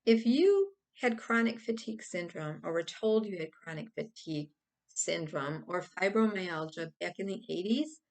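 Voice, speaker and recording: A woman's voice: lowish voice, normal speed. Woman rambling through a casual explainer. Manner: animated, rambling, acts out silly examples. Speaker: video host.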